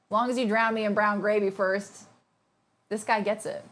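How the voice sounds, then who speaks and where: A woman's voice: mid-range voice, normal speed. A young woman streaming live, chatting casually and playfully with her viewers and thanking them by name.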